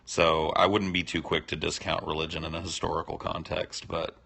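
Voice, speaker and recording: A man's voice: very deep voice, flat delivery, brisk, creaky, pushed and bright, husky. A man hosting a livestream, answering chat questions in a rambling, teasing, profane way. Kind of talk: casual unscripted chat.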